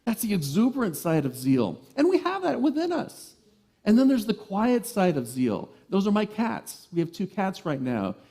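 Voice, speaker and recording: Warm, playful male reverend. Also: sits high, moderate pace, breathy edge. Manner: animated, playful, lively storyteller. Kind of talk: sermon.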